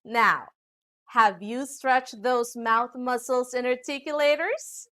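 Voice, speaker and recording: A woman from the Philippines with a Filipino accent, teaching a scripted English pronunciation lesson to students. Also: on the high side. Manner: slow, lively teacherly delivery addressing students.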